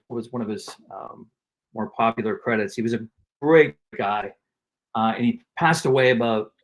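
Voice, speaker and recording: A man guesting on a podcast, telling animated stories and acting out quotes from his work as a performer. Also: mid-range voice. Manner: animated anecdote teller who acts out quotes. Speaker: guest actor, comedian and voice actor. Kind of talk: casual interview storytelling.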